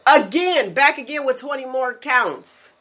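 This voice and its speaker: Woman, talk show host, bright forceful voice, animated storyteller, casual chat. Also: high voice, unhurried. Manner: animated storyteller, laughs often. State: tired.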